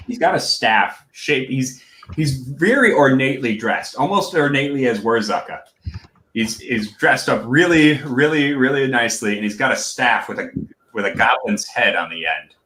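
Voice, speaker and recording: Man, game master, casual and halting, bright voice, echoey room. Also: medium pitch. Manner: halting, full of fillers and restarts. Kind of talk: narrating a tabletop game.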